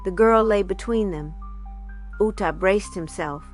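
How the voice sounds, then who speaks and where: A woman reading a folk legend aloud in a measured, dramatic narrating voice. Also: mid-range voice, faint music behind. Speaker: storyteller.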